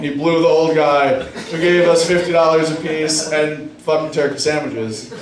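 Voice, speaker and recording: A man doing a stand-up comedy set in a club bar, telling crude stories and acting out what people said. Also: a little high. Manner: profane storytelling, acting out quoted lines. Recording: echoey room, distant mic, club noise.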